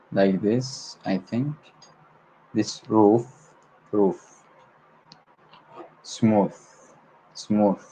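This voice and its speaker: Low-voiced guy, arabic native, livestreaming english word practice, keeps repeating words, faint hiss in the background. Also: mellow, poor audio. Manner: repeats words over and over, stumbles and corrects himself. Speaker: language learner hosting a livestream. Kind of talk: solo livestream vocabulary practice.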